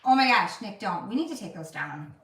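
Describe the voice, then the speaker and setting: A woman's voice: mid-range voice, lively intonation, a little fast, fairly bright tone. A woman with a Wisconsin accent, chatting casually and laughing at herself as co-host of a family live stream. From Wisconsin, USA. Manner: chatty, giggly, self-deprecating. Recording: echoey room, distant mic.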